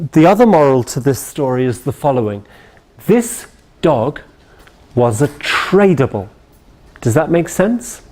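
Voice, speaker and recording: Animated male sales trainer. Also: fairly high pitch. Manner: animated storyteller, asks the room questions. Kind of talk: training talk with anecdotes.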